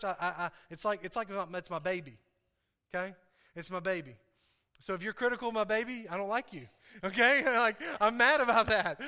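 A man's voice: high-pitched, bright, forceful tone. A pastor preaching a sermon, earnest and confessional, who repeats his key phrases for emphasis and speaks straight to his congregation.

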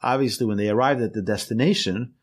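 A man's voice: fairly low pitch, quick pace, husky. A man, a rabbi, teaching an earnest podcast lesson and telling stories with emphasis.

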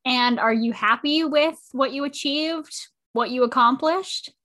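Playful high-voiced woman interviewer. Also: measured pace, fairly bright tone. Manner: friendly, playful questioner. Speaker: producer and interviewer. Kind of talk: casual conversational interview.

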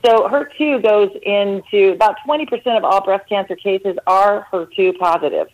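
A woman's voice: mid-range voice, moderate pace. Woman telling her story over a phone line. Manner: earnest, animated retelling with quoted dialogue. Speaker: caller. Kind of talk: telling her own story on a call-in radio show.

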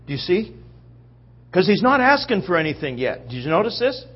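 A man's voice: high voice, fairly quick, slightly rough, dull audio. A man preacher delivering a sermon, telling the story vividly and checking in with listeners. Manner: animated storytelling, acts out quotes, checks in with listeners.

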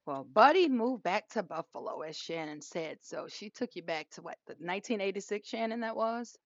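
A woman's voice: medium pitch, moderate pace, dry recording. A woman in her forties co-hosting a podcast, telling a story with laughter and acting out both sides of the dialogue. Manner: animated, laughs while telling stories, acts out dialogue. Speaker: podcast co-host. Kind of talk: casual storytelling chat. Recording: dull lo-fi dry sound.

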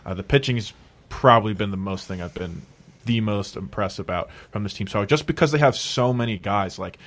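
A man with a lowish voice weighs in on the team in a relaxed studio chat. He talks earnestly with plenty of fillers. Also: a little fast. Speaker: sports talk co-host. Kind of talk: casual sports analysis.

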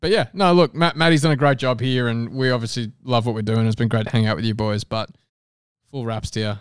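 A man co-hosting a podcast, rambling through warm thanks with many restarts. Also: medium pitch, fairly even intonation, quick pace, smooth, no echo, clean studio sound. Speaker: podcast co-host. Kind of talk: casual banter.

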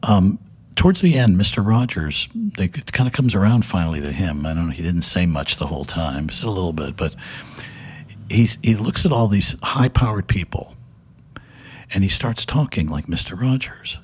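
An older television director talks animatedly at a moderate pace in a low, husky voice. As a guest he rambles through casual stories with many fillers and restarts, laughing frequently.

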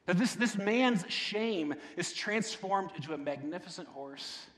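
A man's voice: high-pitched, animated, measured pace, fairly bright tone. A man preaching a sermon in a conversational way, often checking in with the congregation. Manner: conversational, repeats "right?", restarts words. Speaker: pastor. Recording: long reverb of a large hall.

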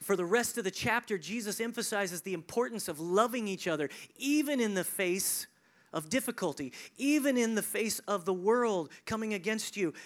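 A male pastor preaching a sermon, conversational and animated, swinging between emphatic peaks and hushed, near-whispered lines. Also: high voice, moderate pace. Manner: conversational asides, chuckling.

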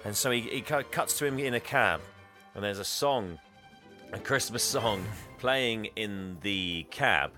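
A man's voice: on the low side, a little slow, over music. A man co-hosting a podcast, rambling and giggly as he recaps a film in casual chat.

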